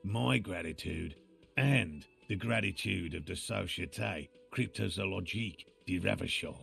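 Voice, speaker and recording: Formal earnest cryptozoologist guy, really gravelly, talks slow. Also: deep voice, a bit bright, soft background music, full character voice. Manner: formal, measured. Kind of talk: game voice acting.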